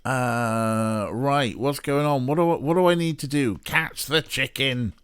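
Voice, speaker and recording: Welsh man, game streamer, unhurried talk, dry close sound, chatty, swears, laughs a lot. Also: mid-range voice, a bit bright, clear, resonant tone, dry recording. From Wales. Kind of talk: casual let's play chat.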